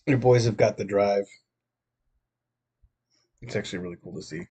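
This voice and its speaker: A man's voice: fairly low pitch, normal speed, mellow, breathy edge. A young man co-hosting a podcast, chatting in a rambling, casual way with frequent laughs. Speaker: podcast co-host. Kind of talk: casual chat.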